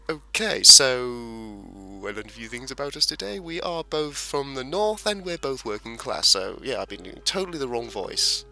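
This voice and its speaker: A man's voice: medium pitch, sing-song, normal speed, creaky, sharp tone, faint music behind. A man chatting casually over a flight game, reading its story aloud and joking at himself. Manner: chatty and self-mocking, reads story text aloud. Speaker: game video maker. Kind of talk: casual gameplay commentary and reading the campaign story.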